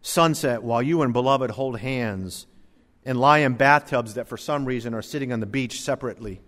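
A man's voice: medium pitch, a little fast, a bit bright. A man preaching a sermon, earnest, building emphatic lists. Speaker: pastor. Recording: long hall reverb.

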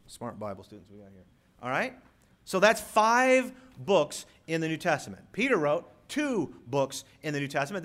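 A man preaching to his congregation in a church, his voice sitting a bit high for a man. He reads scripture slowly and deliberately, then rises in pitch and volume as he presses his points home. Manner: emphatic preacher, rising loud on key words, slows to read scripture. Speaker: pastor. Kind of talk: sermon with live props.

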